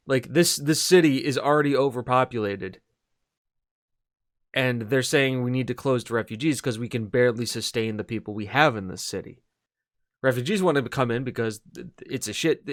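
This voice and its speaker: Clean studio sound with no echo captures a medium-pitched man co-hosting a casual video game podcast. His talk is rambling and hesitant, packed with fillers and restarts.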